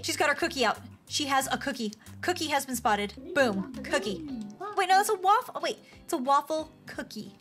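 A young woman hosting a gaming and craft channel, gushing with excitement and gasping as she talks to her viewers. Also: high-pitched, brisk, music in the background. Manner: excited, gushing, squeals and gasps. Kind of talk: bubbly game commentary and craft tutorial.

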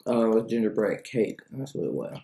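A woman's voice: rumbling low, sing-song, brisk, gravelly, mellow, echoey room, slight background noise. A woman reviewing cookies in a casual food vlog, chatty and rambling, thinking aloud between bites.

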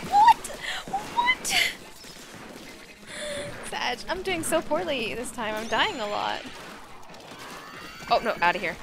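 A woman streaming a game live, chatting casually and reacting excitably to the action. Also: a little high, normal speed, gravelly, pauses often, noisy background. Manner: animated, excitable, squeals and laughs at the game.

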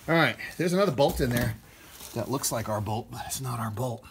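Mid-pitched DIY host, talks to himself while working, noisy garage behind him. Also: male voice, lively intonation, brisk, creaky. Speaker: DIY car repair host. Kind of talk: casual how-to narration while working.

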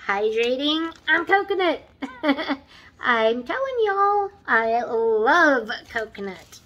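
A bright, fairly high woman's voice, unhurried and drawn out, chatting through a beauty box unboxing. She gushes and keeps turning to her viewers, then sinks into soft whispers over products she loves. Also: highs cut off. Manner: gushing, excitable, keeps addressing viewers; drops to soft whispers when admiring products. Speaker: beauty vlogger. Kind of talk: casual unboxing chat.

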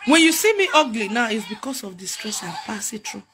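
Tearful Nigerian woman begging for help, fairly high voice, music heavy in the background. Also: lively intonation, fairly quick. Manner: pleading, repetitive, emotional. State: crying. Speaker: mother pleading for help. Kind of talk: tearful public appeal. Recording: loud music behind voice.

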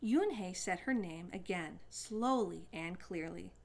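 Woman storyteller, children's read-aloud, slow, very lively pitch. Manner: slow, expressive storybook delivery.

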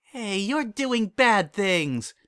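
Squeaky, excitable female farm dog, put on by a man, shrill yelps. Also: very slow, full character voice. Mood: overexcited. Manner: yelping, shrill outbursts.

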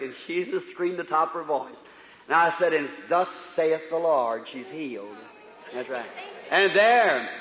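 A man preaching a revival sermon, moving between loud fervent preaching and quiet storytelling. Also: sits high. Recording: dull old hall recording with echo.

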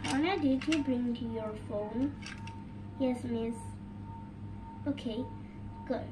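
A woman's voice: high-pitched, slow pace. A woman narrating a pretend-school play session, switching between a teacher and her pupils. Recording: noisy home recording.

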